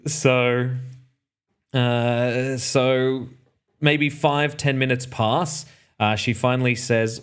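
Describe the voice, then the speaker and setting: An Australian man recounting a travel mishap in an offhand, casual way. His voice sits at an ordinary middle pitch, and he keeps circling back to fix details and slip in deadpan remarks. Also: slow. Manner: rambling, self-correcting, dry asides. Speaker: streamer telling a personal story. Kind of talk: casual anecdote.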